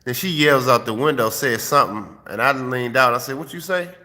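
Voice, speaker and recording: Man, vlog host lecturing the fellas; bright, tense tone with a long reverb tail, phone mic. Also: medium pitch, fairly quick. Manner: streetwise, profane, preachy. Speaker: host giving dating advice. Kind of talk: casual vlog monologue. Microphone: phone held while filming.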